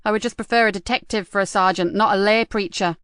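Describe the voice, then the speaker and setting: A woman narrator voicing a sharp-tongued, weary female police inspector who answers back with sarcasm and defiance. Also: mid-range voice, steady tone, fast, clear, resonant tone, no echo, studio quality, close to an everyday voice. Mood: sarcastic.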